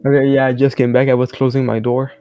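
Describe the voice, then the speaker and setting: A man's voice: medium pitch, monotone, fast talker, warm tone, soft background music. Blunt, swearing non-native-English man. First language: not English. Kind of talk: casual podcast chat.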